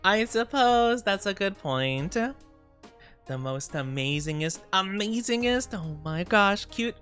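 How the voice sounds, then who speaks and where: A woman's voice: mid-range voice, animated, smooth, faint music behind. A young woman streaming and chatting casually with her live viewers, playful and bubbly, a little sleepy. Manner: playful, bubbly, quick to thank and tease back. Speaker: VTuber streamer.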